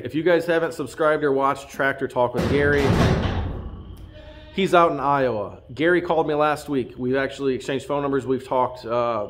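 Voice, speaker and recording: A man's voice: mid-range voice, a little hiss or hum. A man in his thirties, a farm vlogger, talking casually and earnestly to his viewers from his farm. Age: 30s. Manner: earnest, heartfelt, thanking viewers. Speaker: farm vlogger and channel host. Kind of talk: casual talk to camera.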